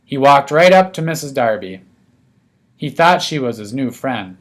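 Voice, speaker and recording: A man's voice: mid-range voice, sing-song, moderate pace. Guy reading a kids book aloud, first person, telling it like he's a young boy. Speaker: audiobook reader. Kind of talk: first-person scripted narration.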